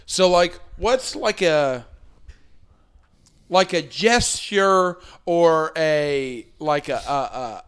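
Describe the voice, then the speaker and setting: Young man, podcast host, slightly high voice, slow unhurried delivery, casual filler-heavy chat. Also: lively intonation, clear, resonant tone. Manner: rambling with many fillers.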